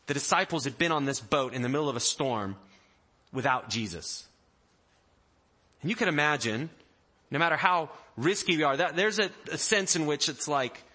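A man preaching a sermon in a conversational, animated way, acting out the story with quoted voices. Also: a little high. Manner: animated, acts out the disciples' panic in quoted voices; conversational, with restarts and small jokes. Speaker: pastor.

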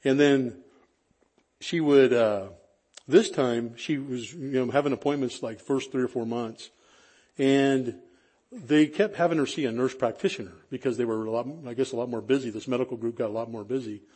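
A man preaching in a relaxed, conversational way, telling a personal story with self-deprecating humor and frequent restarts. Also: medium pitch, moderate pace, slightly rough.

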